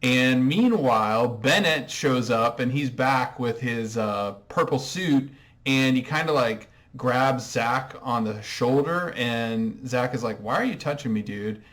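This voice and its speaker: A man's voice: mid-range voice, slow pace, a bit bright. Dry, sarcastic male recap host. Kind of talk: comedic TV recap monologue.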